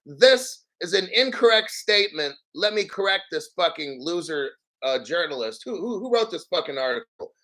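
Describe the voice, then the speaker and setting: Man, high-pitched, bright forceful tone, profane, combative, mocking, frequent throat clearing, crypto vlog rant. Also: animated, moderate pace, few pauses, rough recording. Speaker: crypto channel host. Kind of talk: ranting commentary on a news article.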